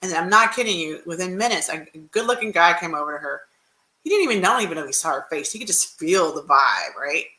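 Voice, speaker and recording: A woman's voice: lowish voice, animated, brisk, bright, forceful tone, reverberant, poor audio. A woman dating coach telling a story on a livestream, chatty and rambling with many restarts.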